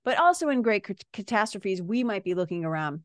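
Woman, podcast host, storytelling monologue, candid, casual, mid-pitched, dry sound. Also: very animated, fairly quick, dry recording. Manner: candid, casual, peppered with "right?" and swearing.

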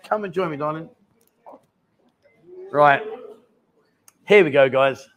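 A man's voice: fairly high pitch, takes it slowly, dull audio. A man in his fifties hosting a live chat show, joking and teasing guests and viewers in casual banter. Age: 50s.

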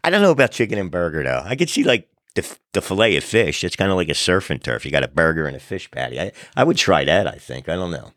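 A man hosting a podcast, telling funny stories in a relaxed, animated way. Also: deep voice, quick pace, few pauses, no echo, clean studio sound. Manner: animated storyteller, acts out crowd voices. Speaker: podcast host. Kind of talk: casual storytelling chat.

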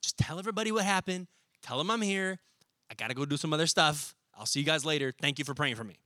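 A young pastor playing a weary apostle just out of prison, exasperated and hushing a room with casual slang. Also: male voice, fairly high pitch, quick pace, dry recording, clean studio sound, voice pushed down.

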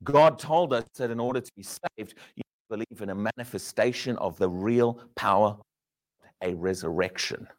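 Preaching at a moderate pace in a fairly low voice, a man poses rhetorical questions to the crowd. His delivery swings from loud emphasis to hushed words.

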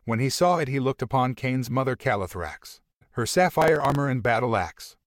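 A man narrating an amateur fantasy story, reading in a halting, stumbling way. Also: mid-range voice, lively intonation, no echo, studio quality.

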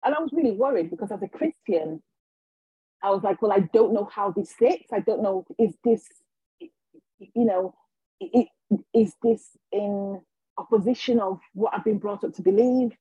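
A woman, a guest on a podcast, telling her personal story in an animated way and acting out what people said to her. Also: mid-range voice, normal speed, husky, dry recording, phone-quality sound. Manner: animated, acts out quoted dialogue. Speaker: guest, healer and intuitive.

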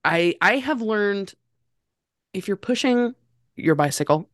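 A woman's voice: mid-range voice, lively intonation, slow pace, fairly bright tone, dry recording, clean studio sound. A woman, telling stories in a casual chat with a self-deprecating, laughing manner. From North Carolina. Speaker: podcast guest. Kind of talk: casual conversational storytelling.

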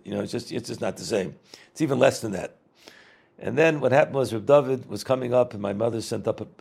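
Middle-aged male storyteller, gravelly and husky, rambling reminiscence with repeats. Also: fairly low pitch, dark tone. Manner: rambling, repeats words, Yiddish and Hebrew terms. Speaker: storyteller recalling a rabbi. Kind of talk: casual spoken reminiscence.

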